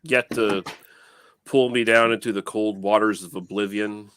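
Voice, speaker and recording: A man who reviews beer, speaking in a deadpan, dry manner on a casual online panel over a video call. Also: fairly low pitch, a little slow, no echo.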